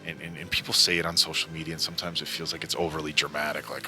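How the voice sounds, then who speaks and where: A man's voice: extremely low pitch, flat delivery, very fast, sharp tone, soft background music. A man in his forties hosting a movie reaction, talking casually and earnestly with many fillers and restarts. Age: 40s. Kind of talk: casual chat.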